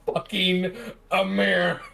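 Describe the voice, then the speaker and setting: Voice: medium pitch, completely flat delivery, slow, creaky, fairly bright tone. A person running a tabletop game as game master, narrating and laughing often.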